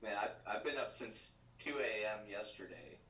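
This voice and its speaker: Relaxed guy with a lowish voice, off-mic in a roomy space with faint hiss. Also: normal speed, recorded from a distance. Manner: relaxed, swears casually. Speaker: podcast guest. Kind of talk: casual chat. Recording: echoey room, set back from mic, faint noise.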